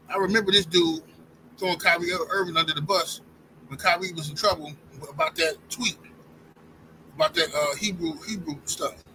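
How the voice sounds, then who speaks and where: Guy with a high bright voice going off about sports, heated, talking right to his viewers. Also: fairly even intonation, moderate pace, long pauses, slight background noise, poor audio. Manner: heated, addresses viewers directly as y'all. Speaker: sports commentary YouTuber. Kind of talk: opinionated sports rant to camera.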